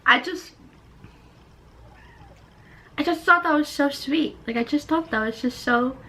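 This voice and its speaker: A woman's voice: high voice, unhurried, bright, forceful tone, low-quality recording. A young woman talking casually in a book vlog, chatty and full of "like". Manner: chatty, fills talk with "like". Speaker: book vlogger. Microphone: camera propped up without tripod.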